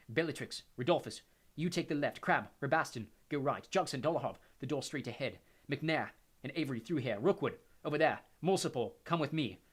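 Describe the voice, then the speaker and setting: A man's voice: sits high, pitched above the performer's own voice. A cold, sneering aristocrat who speaks with menace and barks orders, his voice lifted well above the reader's own and pushed forward, as a male narrator puts him on. A storybook villain with contempt in every phrase.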